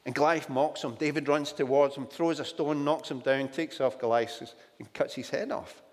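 A man's voice: medium pitch, steady tone, moderate pace. A Scottish man preaching a sermon in a storytelling way, often adding "do you know" asides. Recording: long hall reverb.

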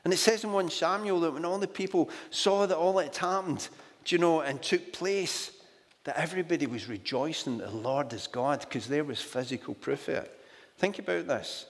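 A Scottish man preaching a sermon and telling the story in a chatty way, full of "do you know" asides. His voice sits slightly high for a man. A long reverb from a large hall trails behind him. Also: moderate pace.

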